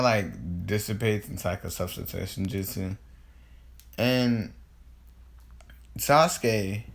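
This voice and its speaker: A man's voice: fairly low pitch, a bit bright. A man casually retelling a fan story, rambling, with many restarts and casual swearing. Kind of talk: improvised fan-fiction retelling.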